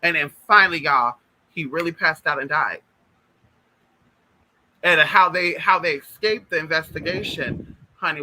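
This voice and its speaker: A man telling spiritual stories in an animated, chatty way, talking straight to his listeners. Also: on the high side, slight background noise, rough recording. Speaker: spiritual vlogger. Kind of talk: casual spiritual storytelling.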